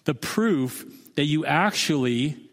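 A man's voice: fairly high pitch, animated, slow pace. A man in his thirties preaching a sermon as a pastor, talking in a conversational, self-deprecating storytelling way. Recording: long hall reverb.

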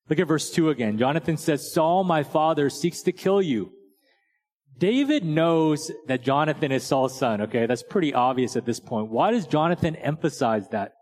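A man's voice: medium pitch, darkish tone. A man preaching a sermon in a casual, conversational way, checking in with "right?" and telling stories and jokes. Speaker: pastor. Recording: long hall reverb.

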